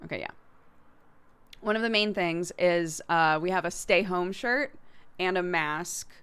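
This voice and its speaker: Chatty woman streamer with smooth, lowish voice. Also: a bit bright. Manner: chatty, laughs often, quick anecdotes. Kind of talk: casual chat while gaming.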